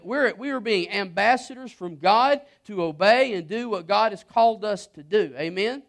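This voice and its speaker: A man preaching a sermon in a folksy, conversational way, with frequent restarts. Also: high-pitched. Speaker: pastor.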